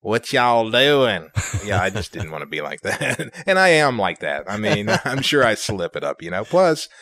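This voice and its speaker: A male radio co-host in his fifties from the American South, with a fairly low voice. He talks in a halting, searching way. The sound is dry and up close. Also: sing-song, pushed and bright, dry recording. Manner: hesitant, many fillers and restarts. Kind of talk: casual on-air chat.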